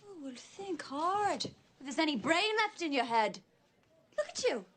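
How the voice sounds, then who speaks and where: An actress playing a fiery, sharp-tongued young Irishwoman with an Irish accent in a film drama. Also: sits high, big pitch swings, measured pace, full character voice. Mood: scolding.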